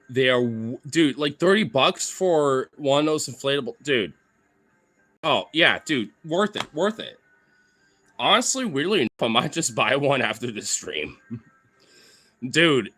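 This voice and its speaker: A man's voice: medium pitch, sharp tone. A man live-streaming casually, laughing, swearing and cheering on his dogs as they play. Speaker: livestreamer.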